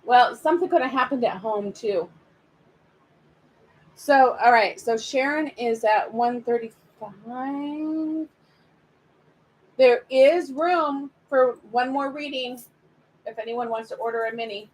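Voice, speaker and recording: Speaking slowly with long pauses in a fairly high voice, a spiritual reader does live card readings for viewers, warm and chatty and using pet names as she addresses them directly. Her poor-quality audio carries a little hiss or hum.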